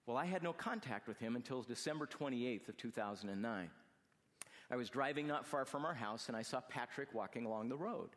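A man telling an emotional personal story, speaking quietly and slowly, softening to a hush at tender moments. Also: mid-range voice, lively intonation, big-room sound.

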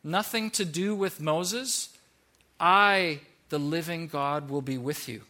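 A man preaching a sermon in a church, animated and humorous, who slips into playful mock voices to make his point. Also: a little high. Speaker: pastor.

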